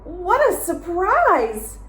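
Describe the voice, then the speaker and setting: A woman voicing a curious young girl who fusses and drawls her words slowly, in a storybook reading. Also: high voice, sing-song, a little mellow, voice pushed up, full character voice. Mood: startled. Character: curious girl with a sleepy, fussy voice. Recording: echoey room.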